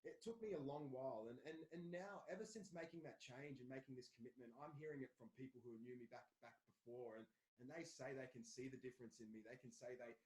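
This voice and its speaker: A man's voice: fast talker, hardly any pauses, darkish tone. Earnest man in a roomy room. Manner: earnest and motivational, repeats words for emphasis. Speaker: podcast co-host. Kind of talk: casual live podcast talk. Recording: roomy, low-quality live audio.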